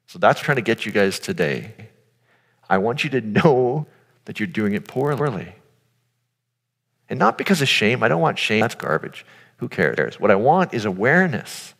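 Gravelly low-voiced man preaching in a hall. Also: sing-song, moderate pace, fairly bright tone. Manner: earnest, informal, addresses audience directly. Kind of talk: conversational sermon. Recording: long hall reverb.

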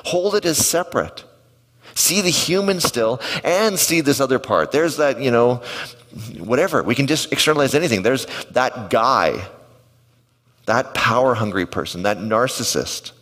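A man's voice: mid-range voice, animated, moderate pace, fairly bright tone. A man preaching a sermon as pastor, telling stories in a conversational way and putting questions to the congregation. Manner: conversational storytelling with asides to the congregation. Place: church auditorium. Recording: long hall reverb.

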